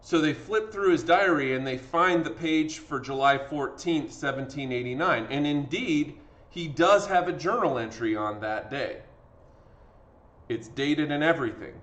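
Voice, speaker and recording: A slightly high, expressive male voice moves at an unhurried pace with a fairly bright tone. He's a history teacher in a casual video lecture, fatigued from talking, speaking conversationally with many fillers and dramatized quotes.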